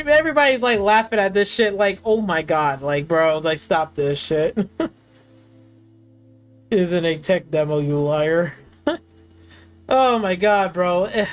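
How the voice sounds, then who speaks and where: A man's voice: sits high, expressive, slow pace, long pauses, faint music behind. A man hosting a gaming stream, ranting in an exasperated, mocking way and swearing constantly. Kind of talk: profane casual rant.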